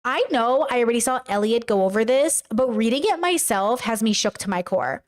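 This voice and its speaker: A brisk, animated woman with a higher voice reads a text aloud on her livestream and reacts to a video with emotional exclaiming, sometimes close to tears.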